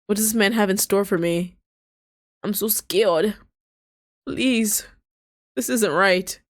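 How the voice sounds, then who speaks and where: Reading a visual novel aloud for a let's-play, this young woman sometimes stops for shocked, sweary reactions. She speaks unhurriedly at a medium pitch with fairly even intonation, in a clean studio recording with no echo.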